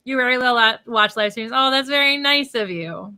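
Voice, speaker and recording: A woman's voice: a little high, normal speed, hardly any pauses, sharp tone, clear, resonant tone, low-quality recording. Woman, casual home livestream, chatty, webcam audio, talks to her dog. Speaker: author hosting a livestream.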